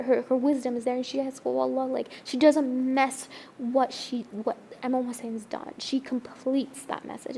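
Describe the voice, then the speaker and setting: A woman's voice: sits high, vocal fry, dark tone, slight background noise. A woman telling a religious story in an earnest, emotional way during a discussion, often restarting her sentences.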